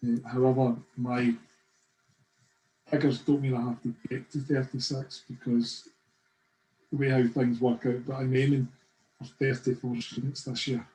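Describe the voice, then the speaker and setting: A middle-aged Scottish man talks through a webinar on a video call, telling stories in a chatty, conversational way. His voice is mellow and warm, and the room sounds echoey. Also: mid-range voice, flat delivery, measured pace, pauses often, slight background noise. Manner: chatty storytelling, frequent "right?". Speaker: course leader. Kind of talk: webinar talk with anecdotes.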